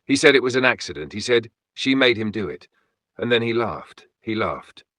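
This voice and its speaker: A sweet old widow who speaks gently and drops to a whisper, played by a man. Her voice is bright and close, with no room around it. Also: fairly low pitch, animated, moderate pace, no room sound. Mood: confessing. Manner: gentle, soft-spoken, whispering when shaken. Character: sweet old widow hiding a dark secret.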